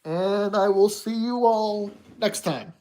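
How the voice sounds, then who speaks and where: Streamer reading a spooky book out loud, mellow darker voice, steady pace. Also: mid-range voice, takes it slowly. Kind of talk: reading a story aloud on stream.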